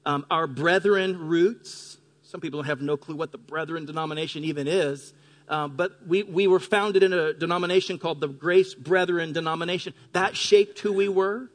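A middle-aged male pastor giving an earnest, emphatic sermon in a church gymnasium. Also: on the high side. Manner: earnest, emphatic preaching with slow stressed phrases. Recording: long hall reverb.

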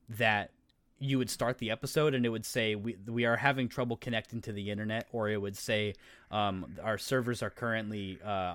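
A man with a lowish voice talks casually on a podcast, excitable and rambling, dropping swear words as he tells a story. The sound is dry and close, with no room around it. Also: no room sound. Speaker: podcast co-host. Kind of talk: casual chat.

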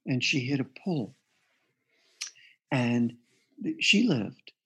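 A man with a husky, slightly breathy voice at a mid pitch tells a client's story in an interview. He speaks earnestly and acts out the lines from the session as he goes. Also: big pitch swings, takes it slowly, fairly bright tone. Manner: earnest, recounts a client case with quoted dialogue. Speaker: guest author and therapist.

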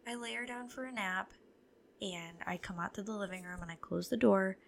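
A young adult woman hosts a podcast, telling stories in a candid, profane and wry way during casual chat. Her voice is medium in pitch, fairly quick and creaky.

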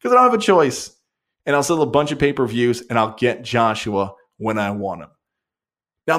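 Give me an opinionated man doing a lively sports radio monologue. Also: mid-range voice. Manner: opinionated, animated, rapid swings.

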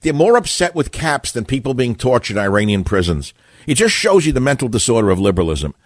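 A man's voice: mid-range voice, sing-song, quick pace, dry recording, studio quality. An older man hosting a call-in talk radio show, speaking in a combative, opinionated way with rambling asides.

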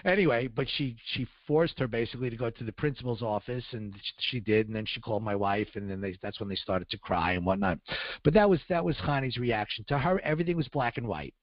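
A man's voice: medium pitch, fast, no echo. Sixties man, guest telling his story, loose and rambling, dull dry recording. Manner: rambling with many fillers. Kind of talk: personal storytelling.

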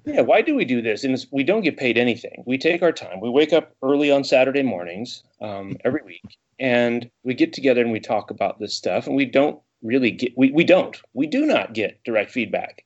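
Male co-host, earnest, halting, lo-fi recording. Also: medium pitch, expressive. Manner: earnest, repeats words and restarts when speaking. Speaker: podcast co-host. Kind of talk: casual chat.

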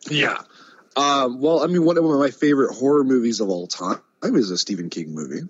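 Lively husky-voiced man chatting. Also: medium pitch, fairly quick, no echo, lo-fi sound. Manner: laughs often, lively reactions. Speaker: podcast co-host. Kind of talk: casual chat.

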